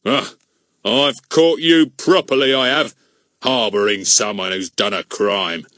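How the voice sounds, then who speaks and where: A man's voice: on the low side, animated, unhurried, sharp tone, slightly rough, no room sound, clean studio sound, full character voice. A man voicing a blustering, pompous middle-aged village policeman who stammers when flustered, in an audiobook. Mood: gloating.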